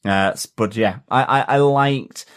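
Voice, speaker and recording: A man's voice: medium pitch, measured pace, clear, resonant tone. A man co-hosting a TV podcast in casual, thoughtful chat with many fillers. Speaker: podcast co-host.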